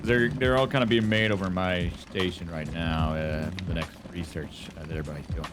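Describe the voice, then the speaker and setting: A man's voice: low voice, fairly even intonation, fairly quick, music in the background. A man in a role-play game, telling a rambling story casually with many fillers and restarts.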